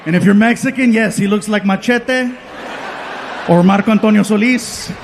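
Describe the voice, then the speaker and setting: High-voiced man doing animated stand-up. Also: normal speed, a little hiss or hum. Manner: animated, acts out voices and shouts punchlines. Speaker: stand-up comedian. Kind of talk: stand-up storytelling. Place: large live venue with audience.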